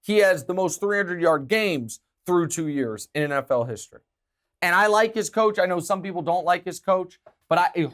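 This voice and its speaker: A man hosting a sports talk show, delivering opinionated commentary in an emphatic, animated way. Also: a little high. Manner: emphatic, animated, talks with his hands.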